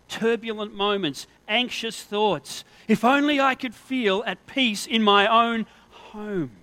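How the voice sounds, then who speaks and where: A pastor delivers his sermon in a bright, higher-pitched male voice. He talks to the congregation earnestly and conversationally. He builds his points through lists of everyday scenarios.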